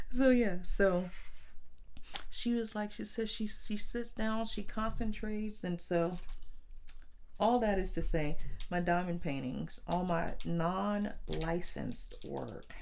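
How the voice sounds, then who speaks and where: Lady crafter rambling thru family stories, lowish voice, acts out everybody's lines. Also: a little slow, gravelly, a little hiss or hum. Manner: animated, acts out family members in quoted dialogue. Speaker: craft vlogger. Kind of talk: casual storytelling chat.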